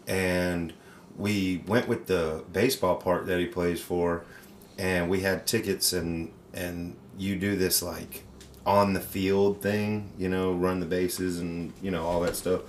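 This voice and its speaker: On a casual podcast, a male co-host tells a story with animation, swearing freely and acting out voices. His voice is low, his tone level and his pace slow. There's a little hiss or hum, and the room has a roomy echo.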